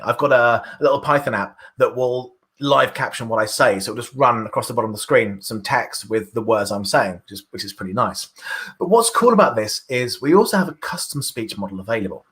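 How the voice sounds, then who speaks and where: A man's voice: medium pitch, expressive, fairly quick, a bit bright. A British man presenting a workshop, explaining a live coding demo with enthusiasm and frequent restarts. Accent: British English. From Britain.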